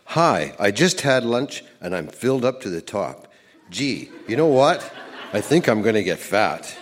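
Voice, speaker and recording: A man's voice: mid-range voice, noisy background. A young man talking as if recording letters to his wife, joking and laughing often. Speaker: letter writer. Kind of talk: reading old tape letters aloud.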